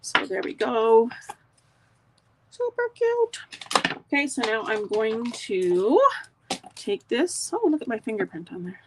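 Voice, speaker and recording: A woman's voice: fairly high pitch, expressive, normal speed, noisy background. A middle-aged woman, chatting casually with live viewers as she demonstrates a craft project step by step. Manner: chatty, talks to live viewers while working.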